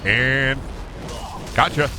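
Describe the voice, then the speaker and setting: A man streaming a video game, commenting loudly and goofily, swearing and breaking into yells. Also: mid-range voice, steady tone, drawn-out words. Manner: loud, goofy, swearing, bursts into yelling. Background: game music.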